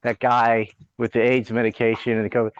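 A man's voice: mid-range voice, monotone, brisk, clean tone, lo-fi sound. A man hosting a podcast, ranting bluntly and sarcastically with plenty of swearing in casual political chat. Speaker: podcast host.

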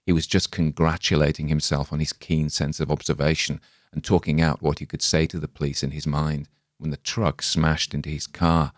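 Deep-voiced man narrating a dark tale. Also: little pitch movement, normal speed, no echo, studio quality. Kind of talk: scripted story narration.

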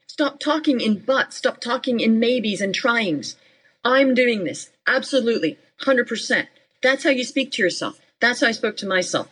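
A woman's voice: on the high side, expressive, moderate pace, fairly bright tone, slightly rough, poor audio. A middle-aged woman business coach, a podcast guest, talking in an emphatic, matter-of-fact way in short, punchy commands. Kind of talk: motivational interview talk.

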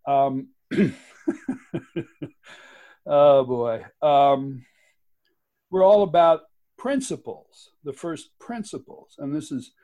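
A man's voice: on the high side, drawn-out words, long pauses, dark tone. A man with a voice sitting a little above the usual male range, speaking as an interview guest. He talks with passion and insistence, stressing key words. He often breaks into laughter and restarts his sentences. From United States. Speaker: guest author and activist. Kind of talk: conversational interview.

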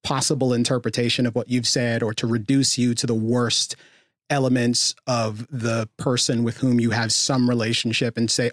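A man on a podcast panel who lays out long, earnest arguments, his pitch jumping up at the end of a point. His voice is at a middle pitch and recorded close and dry. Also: brisk, dry recording. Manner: earnest, expansive, animated rises. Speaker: podcast co-host. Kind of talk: casual panel discussion.

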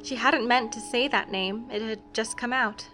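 A woman narrating a scripted story in an even, measured way, with faint instrumental music behind. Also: on the high side.

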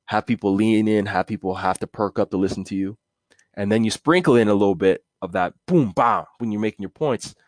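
A man with a low voice hosts a solo podcast. He talks in a relaxed, conversational way with frequent fillers, and the sound is dry and close. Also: no room sound. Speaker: podcast host.

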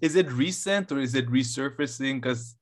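A man's voice: medium pitch, moderate pace. A man co-hosting a podcast, asking short clarifying questions in casual chat. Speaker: podcast co-host.

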